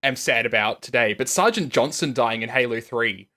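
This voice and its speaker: A man's voice: medium pitch, expressive, moderate pace, pushed and bright. A man co-hosting a gaming podcast, rambling eagerly with lots of fillers and the odd swear word. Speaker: podcast co-host. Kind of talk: casual gaming podcast chat.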